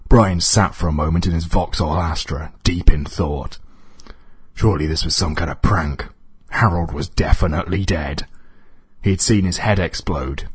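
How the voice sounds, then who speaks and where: A man narrating an absurd comic story in a deadpan, dry manner. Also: deep voice, husky, no echo.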